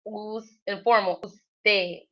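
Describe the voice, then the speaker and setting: A woman's voice: mid-range voice, steady tone, slow. A woman hosting a casual Spanish-learning livestream, chatty and full of fillers, often laughing at herself. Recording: dull lo-fi livestream audio.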